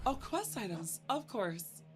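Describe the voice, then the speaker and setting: A young woman streaming a game live, chatting with viewers and exclaiming and shouting as she plays. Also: fairly high pitch, big pitch swings, a little slow. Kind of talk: live gameplay commentary.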